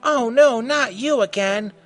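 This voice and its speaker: A man's voice: extremely high pitch, takes it slowly, a bit bright, soft background music, pitched above the performer's own voice, heavily acted. A man voicing a weary, dismissive young woman.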